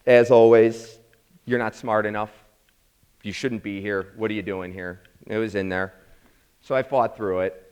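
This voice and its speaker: Casual Chicago man telling stories. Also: mid-range voice. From Chicago, South Side. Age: 30s. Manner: casual, acts out quoted dialogue, "I'm like" asides. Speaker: founder and lead instructor. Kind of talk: storytelling presentation to students.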